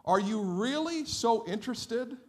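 A man preaching a sermon as a pastor, in a lively, conversational way that plays out what listeners might say. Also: very high-pitched, unhurried. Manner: animated, conversational preaching with mock-quoted listeners. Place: church sanctuary.

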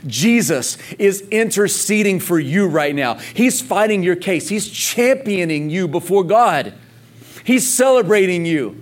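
A man preaching a sermon, passionate and emphatic, repeating phrases and calling on the congregation to respond. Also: high voice. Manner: emphatic repetition. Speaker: pastor.

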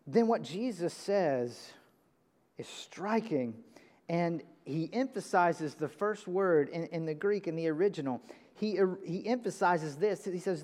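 A man's voice: animated, unhurried. Emphatic male pastor in a reverberant church. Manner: emphatic, swinging between loud high bursts and low quiet lines. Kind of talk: sermon. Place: church with a pulpit.

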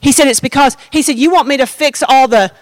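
A woman's voice: sits high, fast talker, no room sound. A woman giving a personal testimony as a sermon, talking straight to the congregation in a conversational way. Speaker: preacher.

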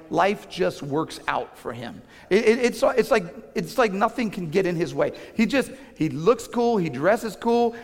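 A middle-aged man delivers a sermon as a story, relaxed and conversational, often restarting his phrases. His voice sits a little high for a man. It rings out with a long reverb, as in a large sanctuary. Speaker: pastor.

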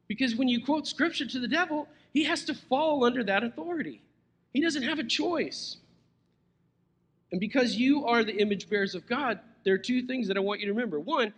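A man's voice: sits high, fairly bright tone. A man preaching a sermon as pastor, conversational and playful, chuckling now and then.

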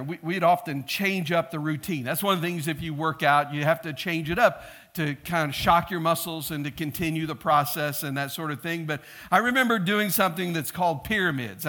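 Pastor, male, high and bright voice, animated storyteller who acts out the shouts. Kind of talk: sermon.

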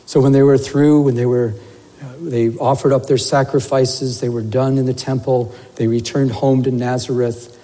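A pastor preaching in a reverberant hall. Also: male voice, mid-range voice, normal speed. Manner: storytelling, animated, lots of "you know". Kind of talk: sermon. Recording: long reverb of a church hall.

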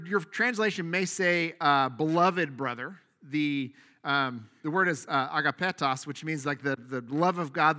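Pastor, male, bright and forceful tone, casual asides, long church reverb. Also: fairly high pitch. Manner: casual, animated preaching with asides; soft, slow prayer. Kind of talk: sermon.

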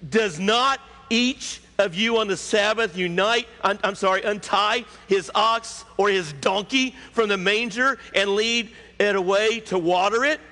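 An angry prophet shouts his rebuke, forceful and high-pitched, as a preacher acts him out. The shouts carry a long hall reverb. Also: fast, hardly any pauses. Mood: rebuking. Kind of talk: sermon with acted scripture quote.

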